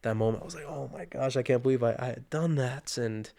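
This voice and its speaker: A man's voice: mid-range voice, fast, creaky. A man casually telling a personal story on a podcast, acting out the moments as he goes. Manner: animated, acts out his own panicked inner voice. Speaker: guest sharing his testimony.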